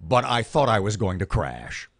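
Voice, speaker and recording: A man's voice: on the low side, big pitch swings, moderate pace. A male morning radio host, telling a rambling story in casual chat on air. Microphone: studio microphone.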